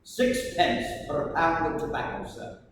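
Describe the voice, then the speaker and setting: A man's voice: a little high, animated, measured pace. A man playing a blunt Scottish merchant. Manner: curt, clipped replies. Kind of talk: live historical courtroom reenactment. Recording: echoey hall, distant mic, background noise.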